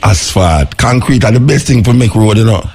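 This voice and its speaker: A man with a Jamaican accent who hosts a radio show and chats casually and animatedly, with a raspy voice, often laughing and repeating words. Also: lowish voice, lively intonation, moderate pace, a little mellow. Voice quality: raspy, gravelly. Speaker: radio host. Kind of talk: casual on-air chat.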